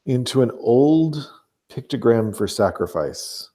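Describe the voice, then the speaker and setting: A man narrating as game master of a tabletop game, measured and dotted with fillers. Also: medium pitch, expressive, dark tone.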